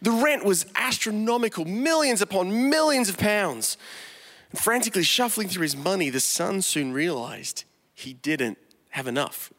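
High-voiced, animated preacher, lively storyteller reading scripture; reverberant hall. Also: male voice, normal speed. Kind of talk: online sermon with Bible reading.

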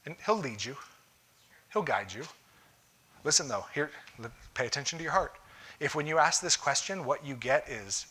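Bright-voiced pastor preaching casually. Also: male voice, mid-range voice, brisk. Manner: folksy, talks straight to listeners, acts out quoted voices. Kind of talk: conversational sermon.

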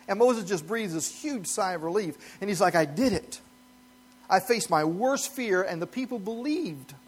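Male pastor, high voice, earnest emphatic sermon delivery with light laughs. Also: fairly bright tone.

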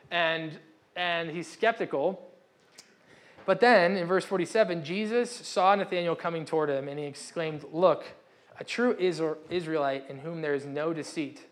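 A young man giving a casual, conversational sermon as pastor, often breaking off mid-sentence and acting out quotes. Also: a little high. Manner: conversational, self-interrupting, acts out quotes.

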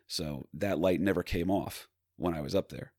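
A man's voice: low voice, moderate pace, a little mellow, breathy edge, no room sound, clean studio sound. A man from New Jersey, a stand-up comedian, telling rambling stories full of fillers and restarts. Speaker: stand-up comedian, podcast guest. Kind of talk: casual storytelling.

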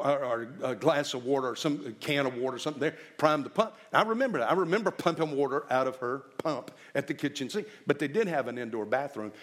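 A middle-aged man preaching a sermon with folksy stories, slowing for emphasis and speeding through asides. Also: fairly high pitch, a bit bright. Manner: folksy storytelling, shifting between slow emphatic and quick asides.

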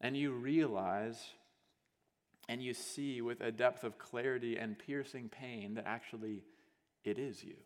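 A man's voice: mid-range voice, unhurried. Pastor, male, mid-range voice; tells the sermon as an acted-out story, chatty and dramatic, in a big echoing hall. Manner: animated, acts out scenes, swings from hushed to loud; casual fillers, frequent "like". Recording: long hall reverb.

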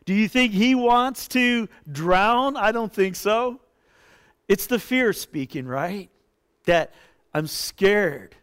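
Male pastor, expressive sermon delivery with impassioned peaks; clear, resonant voice. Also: high voice, slow pace. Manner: expressive preaching, rises to impassioned pleading.

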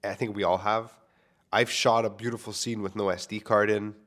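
A man's voice: fairly low pitch, flat delivery, normal speed, fairly bright tone. A young man, a filmmaker, talking casually into a microphone to his listeners, candid and self-deprecating, swearing freely. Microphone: studio microphone.

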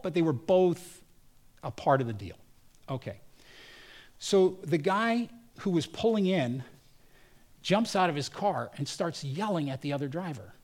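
Storytelling man preaching a sermon. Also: on the high side. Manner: storytelling, acts out quoted voices. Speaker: pastor. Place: church.

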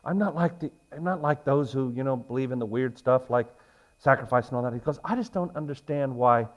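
Male pastor, mid pitch, sermon delivery with big emphatic rises and soft anecdote stretches. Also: fairly quick. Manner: rises to loud emphatic points, then drops to a soft storytelling tone. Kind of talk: sermon with a personal story.

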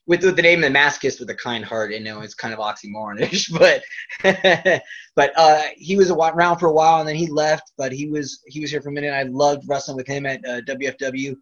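On a dull lo-fi recording, a wrestler guest tells loose, rambling interview stories, breaking into laughter often. His voice is on the high side, a little fast and fairly bright.

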